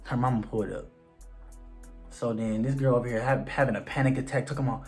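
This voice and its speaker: A young man telling a personal story on his vlog in casual slang. He is animated and acts out the dialogue. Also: medium pitch, fast talker, faint music behind. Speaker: vlogger.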